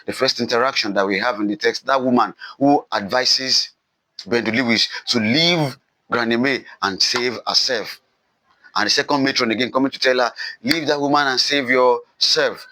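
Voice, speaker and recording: Man, literature teacher, bright tone, dry close sound, emphatic and repetitive. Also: medium pitch, moderate pace, no echo, poor audio. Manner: repetitive, emphatic, asks questions and answers them himself. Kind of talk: recorded literature lesson.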